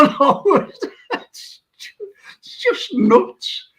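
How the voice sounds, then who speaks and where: A man's voice: extremely high pitch, big pitch swings, drawn-out words, long pauses, low-quality recording. A man, hosting a podcast and telling a rambling anecdote, often laughing as he talks. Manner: rambling storyteller, laughs while talking. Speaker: podcast host.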